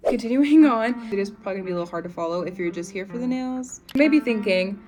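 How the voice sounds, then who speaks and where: A woman's voice: medium pitch, quick pace, few pauses, a little mellow, soft background music. A woman in her twenties chatting at home, telling her story to viewers in a casual, talkative way. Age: 20s. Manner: chatty, addresses viewers as y'all. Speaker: vlogger.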